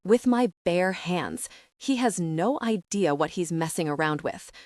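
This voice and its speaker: A woman narrator voices a young woman caught between rage and fear, hissing her words through clenched teeth. The voice sits a little low and sounds close and dry, with no room around it. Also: animated, a little slow, a little mellow, no echo. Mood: furious, afraid. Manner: hissing, agitated. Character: angry frightened young woman.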